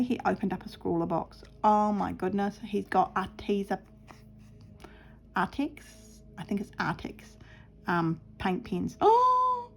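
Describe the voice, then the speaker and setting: A woman's voice: mid-range voice, gravelly, darkish tone. A middle-aged woman chatting cheerfully while sewing at her craft table, telling stories and laughing often. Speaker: craft vlogger.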